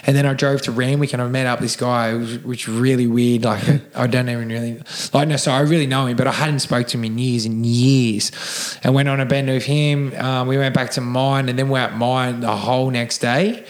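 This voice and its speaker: A man's voice: medium pitch, fairly even intonation, brisk, few pauses. An Australian man, a podcast guest, telling his story in a casual rambling way, with many restarts and swearing, emotional and close to tears.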